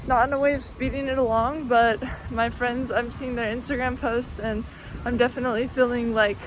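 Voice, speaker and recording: Near tears, a young thru-hiker reflects on her long-distance hike in a casual vlog, rambling and filling her speech with "like" and "you know." She speaks at normal speed in a steady, somewhat high voice, with slight background noise present.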